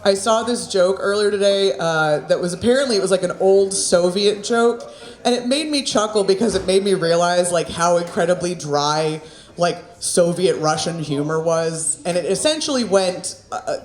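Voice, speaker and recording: A woman's voice: fairly low pitch, normal speed. A woman in her thirties doing open-mic stand-up, chatty and self-mocking, laughing at her own jokes. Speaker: stand-up comedian. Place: small comedy club, indoors. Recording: echoey club room with crowd laughter.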